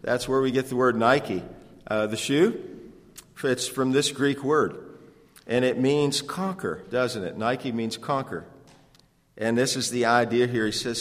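A man's voice: mid-range voice, measured pace. A man preaching an expository sermon, earnestly asking the congregation rhetorical questions. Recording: long hall reverb.

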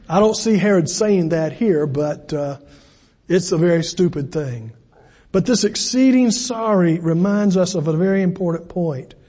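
Breathy high-voiced male preacher. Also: mellow. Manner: conversational, wry asides. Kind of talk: sermon. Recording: long hall reverb.

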